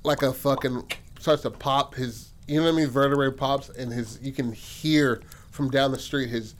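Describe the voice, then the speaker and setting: A man in a middle pitch range, telling a story in a relaxed, rambling way. He swears often and pads his sentences with fillers. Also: moderate pace. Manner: profane, rambling, says "like" and "and shit" a lot. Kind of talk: casual spoken storytelling.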